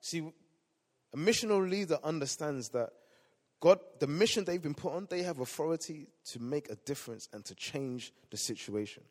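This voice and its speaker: A male pastor preaching a sermon, swinging between loud emphatic lines and quiet asides. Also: on the high side, animated, normal speed. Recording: long hall reverb.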